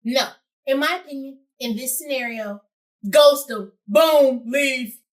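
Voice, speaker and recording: Sassy high-voiced young woman host. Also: slow, recorded from a distance. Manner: sassy, animated, addresses listeners directly. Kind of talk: casual advice talk to camera.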